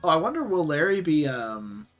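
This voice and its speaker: A man's voice: fairly high pitch, sing-song, moderate pace, a bit bright, faint music behind. A man from the Southern US giving casual, rambling gameplay commentary with many fillers and self-corrections. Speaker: streamer playing a game.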